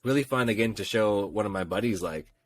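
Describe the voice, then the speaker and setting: A man co-hosting a casual gaming podcast, telling stories and acting out quotes in raised, excited voices. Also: fairly low pitch, fairly quick. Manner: animated storyteller, acts out quotes in raised voices. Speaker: podcast co-host. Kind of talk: casual chat.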